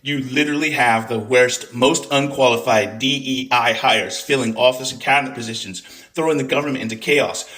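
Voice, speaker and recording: A man's voice: medium pitch, brisk, a bit bright. Angry male commentator, profane, venomous rant delivery. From United States. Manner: furious, profane, sarcastic. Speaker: political commentator.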